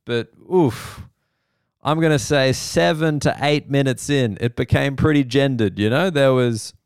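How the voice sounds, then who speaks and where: An Australian comedian talks on his own podcast, rambling from one gripe to the next and swearing casually as he goes. His voice is smooth and clear. The sound is close and dry, with no room around it. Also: mid-range voice, unhurried, no room sound. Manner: rambling, profane, mimics people in quoted asides. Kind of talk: solo comedic monologue. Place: quiet room at night.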